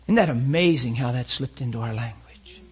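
With a husky, medium-pitched voice at normal speed, a man preaches intensely. He shifts from loud, forceful lines to quiet near-whispers, putting rhetorical questions to those listening.

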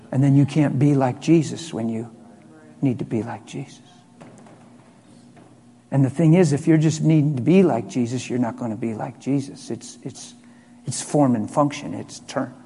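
A middle-aged man preaching a sermon as a pastor, telling a story with emphatic swings from loud to hushed. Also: mid-range voice, husky. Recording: long hall reverb.

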